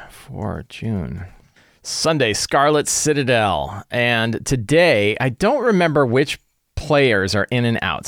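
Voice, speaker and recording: A man's voice: lowish voice, no room sound, studio quality. A man who runs tabletop games, casually recapping a session and planning the next one, with lots of fillers and restarts. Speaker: game master. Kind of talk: casual game-prep vlog.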